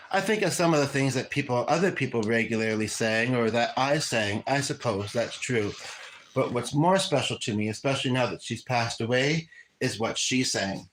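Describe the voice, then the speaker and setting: A man's voice: medium pitch, fairly bright tone, rough recording. Guy rambling casually on his live stream, lots of ums, bit of faint noise in the back. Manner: rambling, conversational, frequent fillers. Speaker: livestream host.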